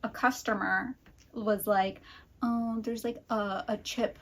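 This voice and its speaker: A woman's voice: fairly high pitch, fairly even intonation, takes it slowly, slight background noise. A young woman co-hosting a casual book chat, retelling scenes with quoted dialogue. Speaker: book podcast co-host.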